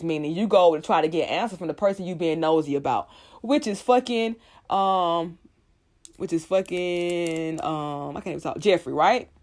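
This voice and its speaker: Profane, animated woman recapping a show. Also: on the low side. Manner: profane, animated retelling with many fillers. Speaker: TV recap vlogger.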